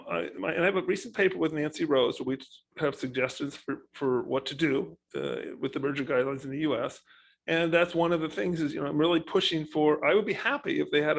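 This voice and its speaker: A man speaking as an economist on a panel, telling his points with animated emphasis. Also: a little high, creaky, poor audio. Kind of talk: panel discussion.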